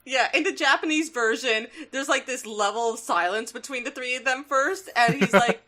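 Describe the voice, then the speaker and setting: A woman's voice: sits high, moderate pace, sharp tone. A woman co-hosting a podcast, chatting casually about a cartoon, laughing and swearing often. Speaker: podcast co-host. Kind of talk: casual chat recapping a cartoon.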